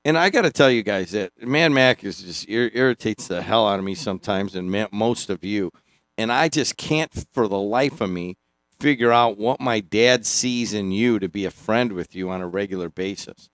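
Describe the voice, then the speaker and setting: A middle-aged man hosting a radio sports talk show, teasing and joking in quick bursts with frequent restarts. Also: lowish voice, a bit bright, dry recording, clean studio sound. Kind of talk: casual radio banter. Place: radio studio. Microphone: studio microphone.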